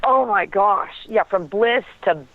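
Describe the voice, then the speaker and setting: Over a tinny, dry phone line, a woman being interviewed tells a personal story slowly in a medium-pitched voice. She's earnest and searches for her words, frequently breaking into laughter.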